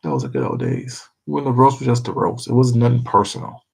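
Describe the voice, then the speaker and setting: A man's voice: medium pitch, sing-song, brisk, vocal fry, slightly rough, low-quality recording. A man chatting casually with his viewers on a stream, rambling, laughing and swearing freely. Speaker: livestreamer.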